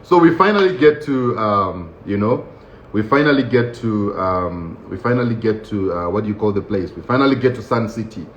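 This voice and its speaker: A man casually recounting a personal story in a lively, laughing way, acting out what others said, with many fillers. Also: lowish voice, moderate pace. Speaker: vlogger recounting his prison experience. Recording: dull, roomy recording with faint noise.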